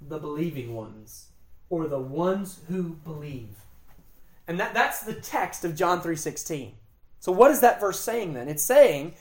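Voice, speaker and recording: A woman teaching scripture in an emphatic, explanatory way, her pitch rising and falling a lot as she stresses key phrases. She is recorded in an echoey room. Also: lively intonation, measured pace. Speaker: Bible teacher. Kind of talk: Bible teaching on scripture and grammar.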